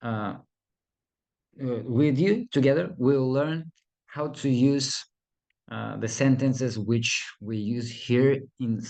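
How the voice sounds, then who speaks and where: A man teaching a beginner language lesson in a relaxed, hesitant way with frequent fillers and playful asides. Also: mid-range voice. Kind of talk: casual video lesson.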